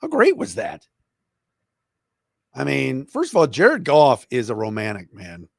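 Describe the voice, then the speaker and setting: Man, sports podcast host, lively swooping pitch, enthusiastic, dry close sound. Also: measured pace, creaky, no echo. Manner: enthusiastic, animated storytelling. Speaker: former radio broadcaster.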